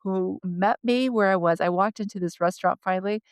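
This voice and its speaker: A woman co-hosting a casual conversation, telling personal stories with lively restarts and laughter. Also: medium pitch, a little fast, clear, resonant tone, no room sound, clean studio sound. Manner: animated storyteller, frequent restarts and laughter. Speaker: podcast co-host.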